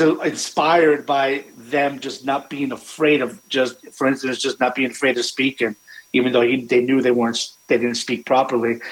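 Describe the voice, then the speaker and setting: A man's voice: medium pitch, rough recording. A man, a restaurant owner, telling family stories in a rambling way, with many fillers and restarts. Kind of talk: conversational storytelling.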